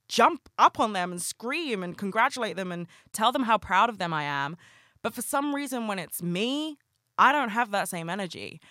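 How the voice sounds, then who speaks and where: A woman's voice: medium pitch, bright, forceful tone, no echo, studio quality. A woman hosting a solo podcast, talking candidly and emotionally, swearing often. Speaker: podcast host.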